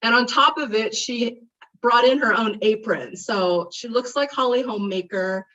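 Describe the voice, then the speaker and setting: Heard through a distant, muffled microphone, a middle-aged woman reminisces about a dear friend in a memorial eulogy, heartfelt and lively whenever she recounts stories. Her voice is on the high side, at a moderate pace.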